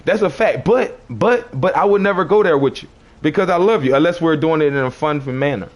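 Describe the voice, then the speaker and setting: A man's voice: on the high side, lively intonation, a little fast. A man on a livestream, arguing with chat commenters in a preachy, confrontational way and repeating his phrases.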